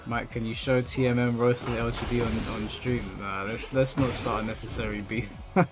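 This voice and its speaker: A man's voice: mid-range voice, little pitch movement, moderate pace. A British man hosting an online gaming tournament stream, chatting casually and reading out viewer comments before answering them. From United Kingdom. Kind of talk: casual live-stream chat. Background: music.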